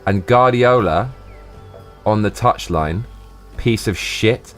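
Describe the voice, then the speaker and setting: A man live streaming, ranting and swearing in excited bursts. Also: lowish voice, slow, soft background music. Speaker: livestreamer.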